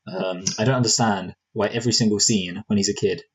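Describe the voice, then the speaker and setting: A man's voice: lowish voice, fairly even intonation, fairly quick, husky, low-quality recording. A man co-hosting a casual film review podcast, rambling and joking with lots of fillers and restarts. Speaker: movie review podcast co-host.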